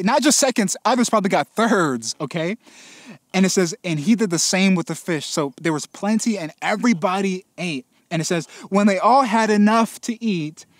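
A man preaching a casual sermon as pastor, telling a story with animated, playful voices for its characters. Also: fairly high pitch, dry recording, clean studio sound. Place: church gathering space.

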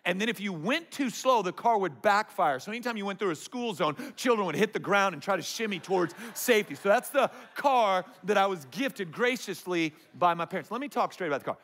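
A man's voice: high voice, expressive, fairly quick, hardly any pauses, a bit bright. A man preaching a sermon as pastor, telling stories to the congregation with playful humor.

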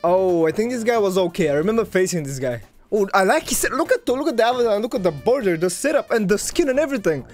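A man with a fairly high, very lively voice commentates his own gameplay. He jumps between loud excited outbursts and quiet muttering, talking straight to his viewers. Faint music plays behind him. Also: fast, hardly any pauses. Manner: excitable, swings from loud hype to low muttering; talks to viewers as "guys". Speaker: gaming video creator.

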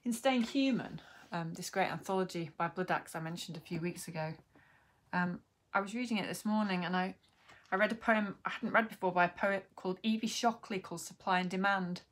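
A woman's voice: lowish voice, fairly quick. Woman teaching a poetry workshop. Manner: friendly, explanatory, with frequent ums. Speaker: poet and workshop host. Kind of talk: online poetry lesson to camera.

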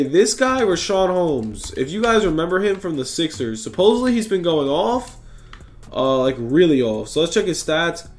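A young man with a slightly high voice rambles through basketball stats in a loose, casual commentary. He reads number after number and keeps catching and correcting himself mid-sentence. Faint music plays quietly underneath. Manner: rambling, reads stat lines aloud, self-correcting. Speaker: gaming YouTuber.

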